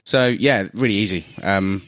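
A young man with a London accent co-hosting a podcast, hoarse today, rambling and joking at his own expense. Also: on the low side, normal speed, fairly bright tone, dry recording, studio quality. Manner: jokey, self-mocking, rambling. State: hoarse from shouting the night before. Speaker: podcast co-host. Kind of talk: casual podcast chat.

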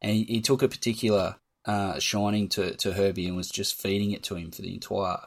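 A man's voice: on the low side, little pitch movement, brisk, gravelly. Man, sweary sports storyteller. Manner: swearing, storytelling, laughs at his own tales. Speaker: podcast co-host. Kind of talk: casual sports podcast chat.

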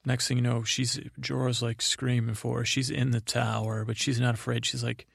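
A man's voice: mid-range voice, little pitch movement, moderate pace, creaky, hardly any pauses, fairly bright tone, no echo, studio quality. A man hosting a podcast, giving a rambling recap meant to lull listeners to sleep, meandering and full of fillers. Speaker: podcast host. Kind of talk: drowsy rambling episode recap.

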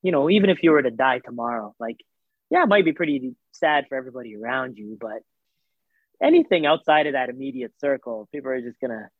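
A man casually recounting a personal story, acting out the dialogue in an animated way and using plenty of fillers. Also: medium pitch, fast talker, no echo. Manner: animated retelling with reported dialogue, many fillers. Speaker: guest telling a personal story. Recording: thin phone-like dry sound.

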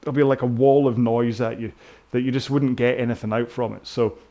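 A man's voice: medium pitch, flat delivery, a little fast, dark tone. A British man coaching a rowing workout indoors, chatting in a rambling, self-mocking way with jokey asides. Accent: British English.

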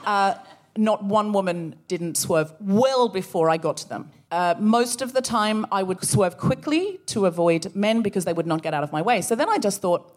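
Animated woman telling a stage story. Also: mid-range voice, normal speed. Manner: animated, acts out voices in stories. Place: live show venue.

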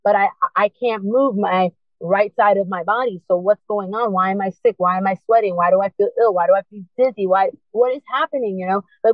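A woman's voice: medium pitch, brisk, hardly any pauses, no room sound. A woman sharing a personal testimony, telling it earnestly and with emotion, acting out remembered dialogue. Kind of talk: personal storytelling. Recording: tinny phone-like sound, dry.

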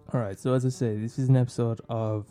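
A man with an Irish accent rambles through a casual podcast monologue, swearing freely and poking fun at his listeners and himself. His voice is very dark and mellow, sitting at an ordinary pitch. Faint guitar music plays behind him. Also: flat delivery, fairly quick. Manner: swearing, laughing, teasing, self-mocking. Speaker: podcast host recommending films.

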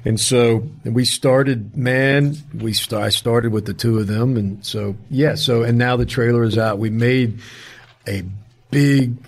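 A man being interviewed as an actor guest, telling an animated story in a casual way, quoting the people in it and restarting his sentences often. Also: mid-range voice, unhurried.

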